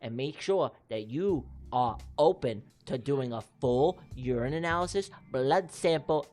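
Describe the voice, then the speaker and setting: Excitable livestream host calling a race. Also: mid-range voice. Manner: teasing, excitable, repeats silly nicknames. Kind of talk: playful giveaway race commentary.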